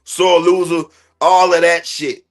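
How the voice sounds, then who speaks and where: A man's voice: on the high side, level tone, slow pace. A man hosting a sports podcast livestream, ranting bluntly and profanely in heavy slang. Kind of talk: heated livestream sports rant.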